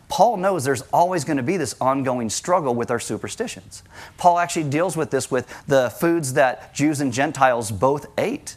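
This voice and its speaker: A man preaching in an explanatory teaching sermon, his voice at a middle pitch. He leans on rhetorical questions and repeats key points for emphasis. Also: expressive, moderate pace.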